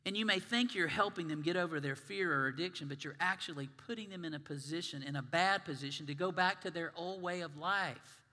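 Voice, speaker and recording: A male minister preaching a sermon in a conversational, animated way, asking the congregation questions. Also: fairly high pitch, fairly quick, few pauses, big-room sound. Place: church sanctuary.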